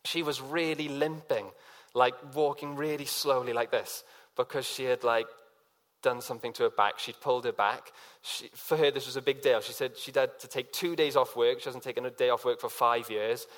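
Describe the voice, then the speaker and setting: A man's voice: medium pitch, fairly even intonation, moderate pace, fairly bright tone. Conversational man preaching a sermon. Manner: conversational, with many fillers and acted-out quotes. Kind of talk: sermon with personal stories.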